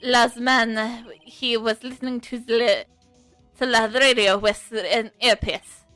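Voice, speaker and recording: A woman's voice: a little high, fairly even intonation, slow pace, pushed and bright, dry recording, soft background music. A woman voicing a flamboyant, self-pitying male chef with fake French-tinged phrasing, reading a game aloud. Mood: flustered.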